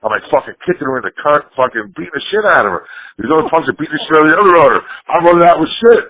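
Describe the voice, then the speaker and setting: A man's voice: fairly high pitch, lively intonation, racing. A man from New Jersey, a punk band member, telling rambling, profane stories in a casual interview. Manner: profane, rambling storyteller, quotes people. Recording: tinny phone line.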